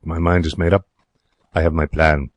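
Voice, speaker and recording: An excitable young Frenchman. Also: very deep voice, moderate pace. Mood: wistful. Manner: broken English, theatrical and emotional. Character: young excitable romantic Frenchman, former hotel cashier. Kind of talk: 1940s radio drama narration.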